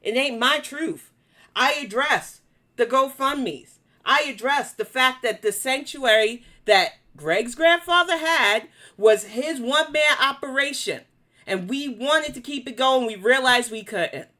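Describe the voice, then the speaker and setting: A woman's voice: high-pitched, expressive, unhurried, pushed and bright. A woman with a New York accent hosting a live commentary stream, blunt, profane and confrontational as she answers her chat. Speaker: commentary livestream host.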